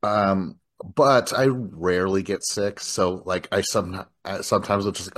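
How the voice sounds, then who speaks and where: A man's voice: on the low side, expressive, measured pace, no room sound. A man in casual podcast chat, laid-back and joking.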